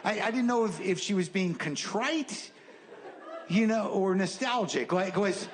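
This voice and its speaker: A man's voice: high-pitched, lively intonation, a little slow. A man in his fifties doing a stand-up comedy set, ranting in a profane, exasperated way. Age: 50s. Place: comedy stage. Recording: noisy live stage recording.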